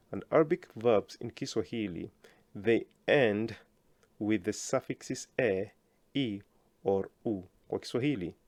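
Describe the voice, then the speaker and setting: A man teaching a language lesson, slowly enunciating words for learners to repeat and praising them often. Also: fairly low pitch, a little mellow, no echo.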